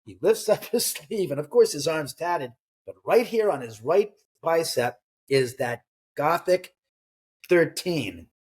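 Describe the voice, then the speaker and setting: A middle-aged man, an author and homeowner, telling animated stories in an interview and acting out what people said. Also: fairly high pitch, takes it slowly, husky. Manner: lively anecdotal storyteller, acts out dialogue.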